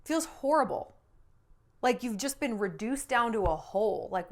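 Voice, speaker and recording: A woman's voice: expressive, normal speed. Blunt, sassy woman giving dating advice. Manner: blunt, sassy, talks straight to the viewer; acts out quoted voices with big swings in pitch and loudness. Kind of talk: direct-to-camera advice talk.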